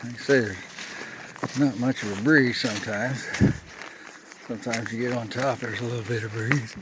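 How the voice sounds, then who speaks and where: A man hiking a forest trail, narrating in a folksy, unhurried way as he thinks aloud, getting out of breath on the climbs. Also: mid-range voice, fairly even intonation. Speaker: hiker vlogger. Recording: outdoor trail noise.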